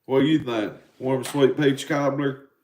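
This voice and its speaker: An Appalachian-accented man in his forties rambles through a casual livestream, cursing freely and talking straight to his chat. His voice sits at an ordinary middle pitch. The room around him is roomy and echoing. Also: fairly even intonation, a little slow, a little mellow. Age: 40s. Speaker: livestream host. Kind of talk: casual live-stream chat. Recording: roomy echo.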